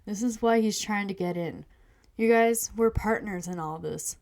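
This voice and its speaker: A woman's voice: mid-range voice, moderate pace, darkish tone, close to an everyday voice. A woman voicing an anxious, protective mother in a storybook podcast, urgent and fretful.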